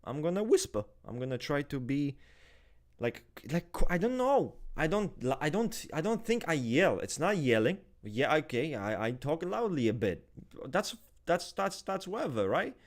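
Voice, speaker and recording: A married man co-hosting a podcast, talking loudly and swearing a lot as he rants in casual chat. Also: on the high side, moderate pace. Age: adult, married. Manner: loud, swears a lot, animated ranting. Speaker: podcast co-host.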